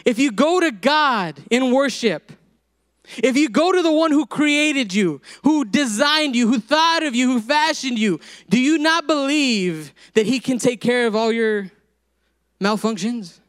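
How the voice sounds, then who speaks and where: Male preacher, high voice, dynamic sermon delivery with emphatic build-ups and asides to the congregation. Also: animated, measured pace, a bit bright.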